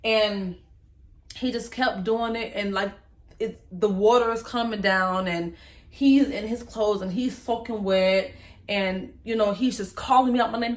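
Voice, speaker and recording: A young woman, emotionally recounting a personal story to the camera in a candid, halting way and speaking straight to her viewers. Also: mid-range voice. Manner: candid, halting, speaks to viewers as "y'all", voice rises when reliving moments. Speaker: vlogger telling her story.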